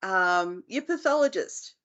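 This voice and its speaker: A woman's voice: mid-range voice, animated, measured pace, fairly bright tone, muffled recording. A woman co-hosting a casual comedy chat, asking questions in a dry, teasing way. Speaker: co-host.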